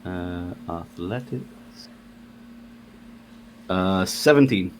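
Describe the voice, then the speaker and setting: Chill guy player, lowish voice, faint hiss behind. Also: very slow. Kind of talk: casual tabletop play.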